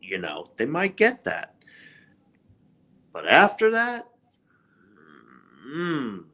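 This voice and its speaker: A man's voice: a little high, wildly swooping pitch, drawn-out words, pushed and bright. A man co-hosting a casual sports podcast, giving emphatic fan opinions. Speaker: podcast co-host. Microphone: live stream microphone.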